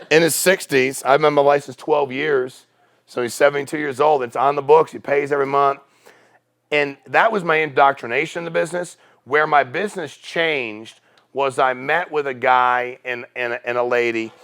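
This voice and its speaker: A middle-aged man telling stories casually to a business meeting, acting out the people in them. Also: mid-range voice. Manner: casual, animated storyteller acting out quoted voices. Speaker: company CEO speaking at a sales meeting. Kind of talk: storytelling talk to a business audience.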